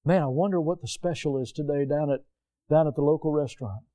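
A pastor voicing a churchgoer who daydreams about lunch, musing and rambling quietly. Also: male voice, fairly high pitch, fast, no echo, pitched below the performer's own voice, close to an everyday voice.

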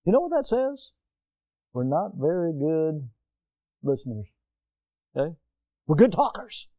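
A pastor preaching a folksy, animated sermon in a church, moving around the pulpit as he talks. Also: fairly high pitch, measured pace. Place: church sanctuary.

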